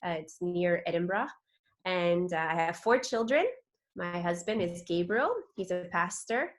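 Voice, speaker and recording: A woman's voice: lowish voice, animated, measured pace. A woman with a Texan American accent teaching a children's club lesson over a video call, upbeat and chatty, often checking that listeners follow. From Texas, USA. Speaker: club director teaching an honor. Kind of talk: online class presentation.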